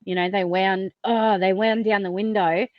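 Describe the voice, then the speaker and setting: This woman, a podcast guest, tells her story in a frank, blunt manner with lots of fillers and free swearing. Her medium-pitched voice is steady and at normal speed, recorded without echo and with the highs cut off.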